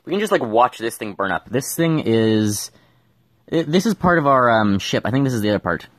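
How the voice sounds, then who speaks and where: A man's voice: mid-range voice, very animated, a little fast, no room sound, clean studio sound. A man giving casual gameplay commentary, thinking aloud and mumbling with fillers as he plays at home. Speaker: gameplay streamer.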